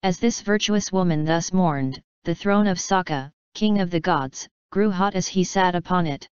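A woman reading an old folk tale aloud in a measured, steady storytelling style. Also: fairly low pitch, clean tone, no echo, lo-fi sound. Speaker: narrator. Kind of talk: scripted storybook narration.

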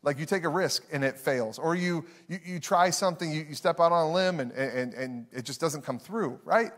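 A man's voice: fairly high pitch, moderate pace, a bit bright. A man, preaching a sermon in a conversational, self-deprecating storytelling way to a live congregation. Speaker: pastor.

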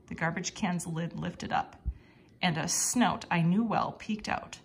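A woman reading a children's storybook aloud in an expressive, animated way. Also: on the low side, a little slow, gravelly, slight background noise. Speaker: storybook reader.

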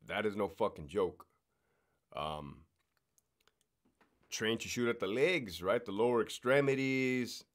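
A man's voice: lowish voice, slow pace, long pauses. A man who worked as a correctional officer, chatting casually on a podcast. He talks bluntly, swears a lot and keeps checking in with "right?". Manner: blunt and profane, explaining rules with lots of swearing.

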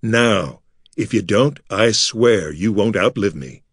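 A man's voice: lowish voice, takes it slowly, husky, no room sound, studio quality. A man doing a fierce half-orc warrior. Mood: fierce anger. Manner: fierce, bitter, spitting.

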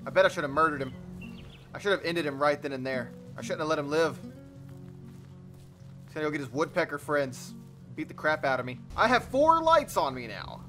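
A young man giving jokey, excitable commentary over a game he's playing, often yelping in surprise. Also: fairly high pitch. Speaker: let's play host. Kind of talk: gameplay commentary.

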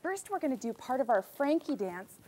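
Bright-voiced woman teaching kids music. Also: high voice, sing-song, moderate pace. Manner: cheerful, leads call-and-response drills. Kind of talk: children's music lesson.

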